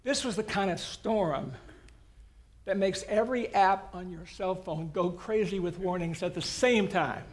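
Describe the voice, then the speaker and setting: Guest preacher, man, high-pitched voice, folksy joking storyteller. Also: unhurried. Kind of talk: sermon.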